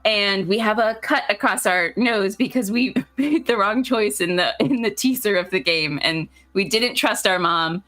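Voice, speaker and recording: A woman's voice: medium pitch, moderate pace, few pauses, a bit bright. A woman co-hosting a game stream, recapping the story in a giggly, rambling, playful way. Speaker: co-host of a gaming stream. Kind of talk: casual chat recapping a game.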